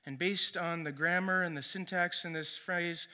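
A man's voice: sits high, steady tone, normal speed, pushed and bright. A man preaching a sermon in a conversational storytelling way, often checking in with "right?". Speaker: pastor.

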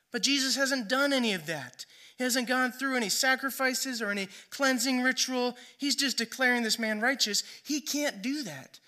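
Bright, high-voiced male preacher. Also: moderate pace. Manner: conversational storytelling, often asks "right?". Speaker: pastor. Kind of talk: sermon.

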